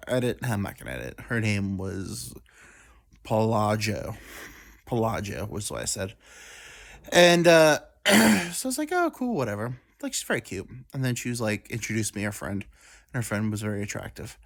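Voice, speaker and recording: Rambling man telling a lively story. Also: medium pitch. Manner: rambling, self-deprecating, quotes people in quick asides. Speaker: podcast host. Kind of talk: casual storytelling monologue.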